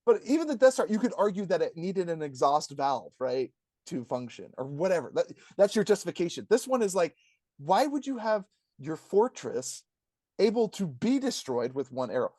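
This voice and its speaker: Animated ranting man, dry close mic. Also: moderate pace, no room sound. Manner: animated, ranting, acts out quotes in a high voice. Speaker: podcast co-host. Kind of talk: casual review chat.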